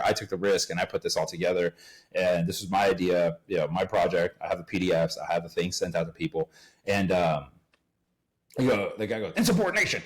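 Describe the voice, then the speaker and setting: A man from Uruguay, a podcast guest, talking with a fairly low voice. He tells his story in a casual, animated way and acts out other people's lines as he goes. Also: poor audio.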